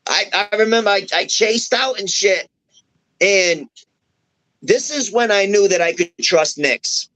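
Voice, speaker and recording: The audio is poor as a wrestler with a high voice, speaking at a measured pace, recounts a long story as a podcast guest. His talk is casual, profane and animated, and he acts out each line of quoted dialogue.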